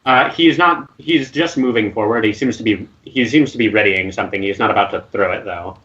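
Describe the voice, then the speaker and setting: Low-voiced man running a tabletop game. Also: brisk, highs cut off. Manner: relaxed, loose narration with fillers. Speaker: game master. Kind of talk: narrating a tabletop game over voice chat.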